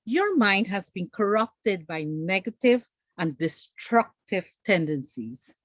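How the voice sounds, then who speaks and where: A woman's voice: medium pitch, sing-song, slow, no echo. Woman putting on a prim, stiffly formal lady. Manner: stiff, long-winded, overly polite wording. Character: prim woman speaking overly formal proper English.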